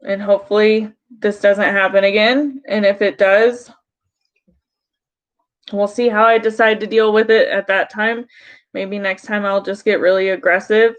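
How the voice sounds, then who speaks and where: A woman streaming live to her chat, congested from crying and frustrated, talking through what happened. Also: mid-range voice. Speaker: YouTuber on a livestream. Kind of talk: emotional livestream talk to chat.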